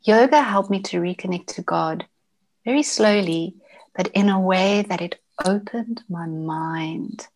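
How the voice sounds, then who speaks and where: A woman, sharing a personal story as an interview guest in a casual, halting way, often restarting and repeating words. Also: medium pitch.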